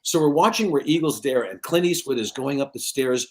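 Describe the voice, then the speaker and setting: With a mid-range voice and a fairly quick pace, this man in his sixties, a show host, spins anecdotes during relaxed conversation. He's an animated teller who drops into other people's voices along the way.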